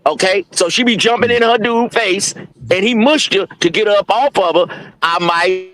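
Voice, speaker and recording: A man's voice: sits high, normal speed, a bit bright, no echo. A man in his fifties co-hosting a podcast, talking bluntly and crudely in street slang, rambling through his point. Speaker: podcast co-host. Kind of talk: casual debate.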